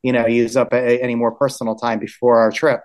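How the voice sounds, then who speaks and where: A man's voice: medium pitch, level tone, a little fast, a little mellow, pitched below the performer's own voice, close to an everyday voice. A man voicing a cheerful young woman who teases her boyfriend in a bubbly, laughing way. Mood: cheerful teasing.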